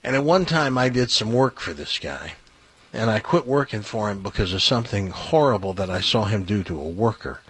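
A man telling a long personal anecdote on a talk show, in an animated storytelling way. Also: on the low side, fairly quick, slightly rough.

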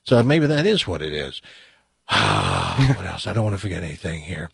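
A middle-aged man hosting a talk show, chatting casually and telling stories and jokes in an animated way. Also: low voice, normal speed, vocal fry, breathy edge.

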